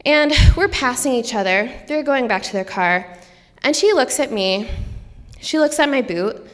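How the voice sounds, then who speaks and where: A woman's voice: high voice, animated, normal speed. Chatty young woman telling a story on stage. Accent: Upper Midwest American. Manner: conversational, many ums and likes. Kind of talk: live personal storytelling. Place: stage in a hall with an audience. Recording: live stage recording with long hall reverb.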